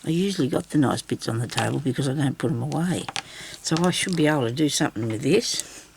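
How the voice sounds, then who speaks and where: A woman's voice: a bass voice, lively intonation, fast talker, gravelly, noisy background. A woman with an Australian accent giving a casual craft tutorial at her craft table. She rambles and mutters to herself while she works. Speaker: craft video host.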